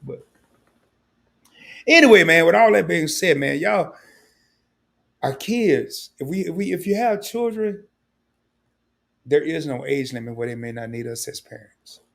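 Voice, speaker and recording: Gravelly-voiced older man hosting a livestream. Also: on the high side, expressive, unhurried, pauses often, fairly bright tone. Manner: candid, rambling, emotional. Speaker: livestream host. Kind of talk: casual livestream talk.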